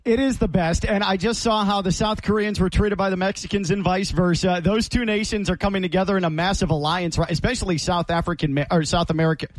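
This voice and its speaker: A male sports talk co-host with a wry, teasing manner. His voice is high for a man and sounds close and dry. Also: fairly even intonation, fast, few pauses, no echo, poor audio.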